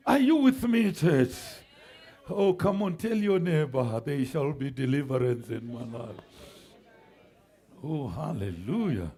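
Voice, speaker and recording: A man preaches with a high, gravelly voice that swings widely in pitch. He talks slowly and with weight, breaking into shouts and laughter while he calls on the church to answer back. His tone is husky and rough. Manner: animated preaching with shouts, laughs and call-and-response. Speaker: pastor. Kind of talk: sermon. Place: church sanctuary.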